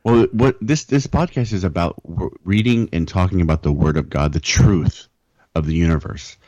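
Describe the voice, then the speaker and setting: A man co-hosting a podcast, speaking earnestly and haltingly as he searches for his words. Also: low-pitched, a little mellow, no echo. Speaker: podcast co-host. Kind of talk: casual podcast talk and prayer. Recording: dull, dry lo-fi recording.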